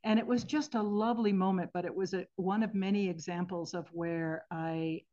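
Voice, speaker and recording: A woman in her sixties, a podcast guest, telling stories about singing at the end of life in a thoughtful, earnest way with gentle restarts. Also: fairly low pitch, fairly even intonation, normal speed. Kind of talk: reflective interview storytelling. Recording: slightly muffled podcast audio.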